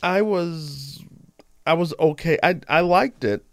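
A man's voice: on the high side, takes it slowly, dry recording, clean studio sound. A man appearing as a guest on a movie podcast, easygoing and a bit hesitant. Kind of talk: casual movie chat.

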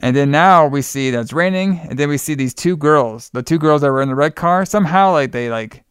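Man, fairly high smooth voice, casual movie recap, swears and laughs, dry close sound. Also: a little fast, no room sound. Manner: animated storyteller, swears a lot, laughs often.

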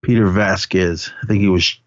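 This podcast co-host walks through a movie scene by scene in a relaxed way, voicing characters' lines at a higher pitch and breaking into frequent laughter. He speaks at a normal speed with a steady tone, in a dry recording whose high frequencies are cut off.

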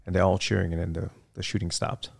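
A man's voice: sits low, flat delivery, fast talker, creaky, a little mellow, slightly rough, dry recording, clean studio sound. A middle-aged man, a guest in a casual interview, telling stories with lots of fillers and restarts. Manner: rambling, many fillers and restarts. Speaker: guest, retired Marine officer.

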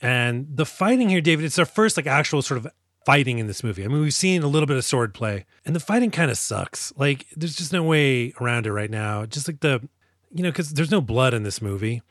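A man co-hosting a casual movie-review podcast, animated and profane, acting out characters as he recaps scenes. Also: mid-range voice, fairly quick, dry recording, studio quality. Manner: animated, swearing, acts out characters in quotes. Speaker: podcast co-host.

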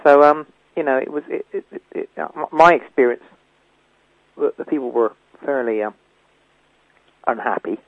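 A man's voice: medium pitch, expressive, moderate pace, pauses often, no echo. A man being interviewed as the writer of a comedy, hesitant, with many ums and chuckles. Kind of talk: radio interview. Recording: tinny phone line.

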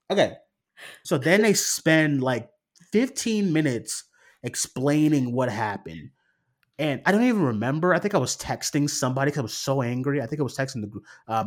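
A young man co-hosting a film review podcast, telling a story animatedly, swearing freely and acting out his own reactions. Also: mid-range voice. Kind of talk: casual chat.

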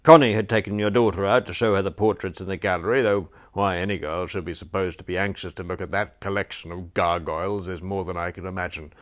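A man's voice: low-pitched, fairly even intonation, quick pace, hardly any pauses, natural voice. A man reading an audiobook, voicing a peevish, rambling elderly duke who blusters along. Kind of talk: audiobook character voice.

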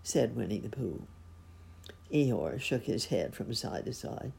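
Woman slowly reading a kids' book, really deep gravelly voice, husky. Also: expressive, dark tone. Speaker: storybook reader. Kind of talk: reading a children's book aloud.

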